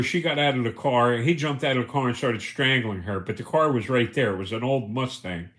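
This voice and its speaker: A man's voice: medium pitch, a bit bright. Male streamer, casual storytelling, foul-mouthed and rambling, mid-range voice. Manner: profane, rambling, chuckling through anecdotes. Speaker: livestream host.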